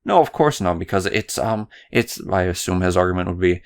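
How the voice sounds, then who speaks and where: A man's voice: deep voice, expressive, moderate pace, vocal fry. A young man from Canada hosting a solo podcast, rambling through political commentary, swearing and stumbling over his words. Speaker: podcast host.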